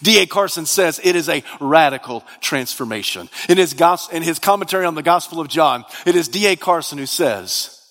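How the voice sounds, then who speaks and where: A man's voice: fairly high pitch, lively intonation, fairly quick, a bit bright. A man preaching a sermon with dynamic delivery, his voice rising into emphatic, sung-out peaks. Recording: long reverb of a large hall.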